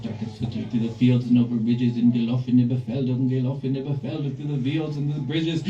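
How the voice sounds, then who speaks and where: A man's voice: mid-range voice, warm tone. A male storyteller performing a rhyming tale for an audience in a rhythmic, singsong delivery in a record store. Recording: roomy, distant, dull live recording.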